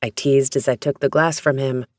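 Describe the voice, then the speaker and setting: An audiobook narrator reading a first-person romance story in a steady, even storytelling manner. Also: medium pitch, normal speed, no echo, studio quality.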